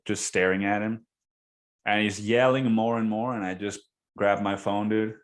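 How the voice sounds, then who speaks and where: A young man hosting a podcast, telling a story in casual chat, swearing a lot and calling the listener dude and man, and acting out quoted people with sudden high yells. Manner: profane, slangy, says dude and man a lot; acts out quoted voices with sudden high yelling. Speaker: podcast host.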